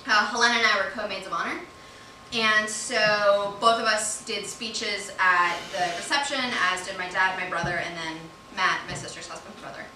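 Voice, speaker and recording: A woman's voice: mid-range voice, fairly even intonation, slight background noise. Profane woman doing live stand-up. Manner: casual, profane, swings from quick mumbles to loud laughing outbursts. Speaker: stand-up comedian. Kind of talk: stand-up comedy set. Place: comedy club stage. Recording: roomy live club sound, heard from a distance.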